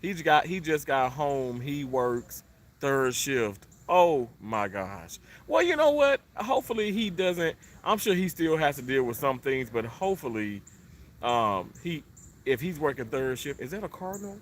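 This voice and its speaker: A man's voice: mid-range voice, expressive, unhurried. A man chatting loosely with viewers during a livestream from his condo, rambling with many fillers. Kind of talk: casual live chat. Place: indoors in a condominium.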